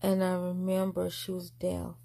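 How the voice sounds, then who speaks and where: A woman's voice: lowish voice, monotone, normal speed, vocal fry, mellow. A young woman telling a long personal story in a casual vlog, mumbling and restarting often. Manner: rambling, mumbled delivery with frequent restarts.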